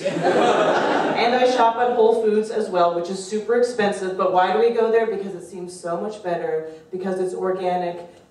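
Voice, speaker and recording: A woman comedian arguing a comic debate on stage, sarcastic and animated, swearing and mocking people in put-on voices. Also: medium pitch, slight background noise. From Canada. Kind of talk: stand-up comedy argument. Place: stage in a room with a live audience. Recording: echoey room recorded from a distance.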